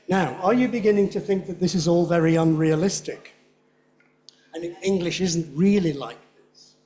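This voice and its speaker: An older man giving a conference lecture on English pronunciation, demonstrating rhythm by repeating phrases slowly. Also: high-pitched, warm tone. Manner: demonstrates rhythm by slow drilled repetition.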